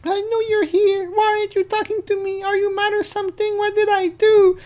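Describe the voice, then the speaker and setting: A needy young girl, clingy and pleading, speaks in a high, whiny voice that sits far above the speaker's own register, as a man puts her on. She sounds anxious to be answered, her lines pitched thin and pleading. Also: little pitch movement, fairly quick, a little mellow.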